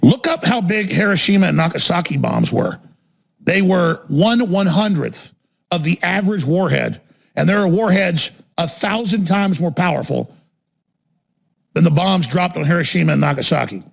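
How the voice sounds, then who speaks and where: A man with a high, gravelly voice rants as a talk radio host. He is combative and emphatic, hammering points with repeated phrases. His delivery often climbs toward a shout. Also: animated, normal speed. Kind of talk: ranting political monologue.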